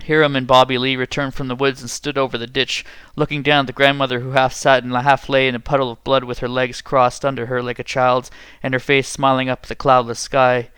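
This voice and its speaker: Brief: male narrator, bright resonant tone, dry close sound, steady reading. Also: medium pitch, a little fast, few pauses, clean tone, no room sound. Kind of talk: story reading.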